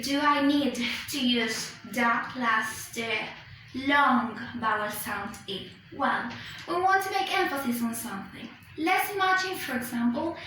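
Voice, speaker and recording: A woman who speaks Spanish as her first language explains English pronunciation slowly and deliberately, often checking with "okay?" and correcting herself. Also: high-pitched, bright, forceful tone, slight background noise. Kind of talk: recorded lesson explanation. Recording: echoey room from far off.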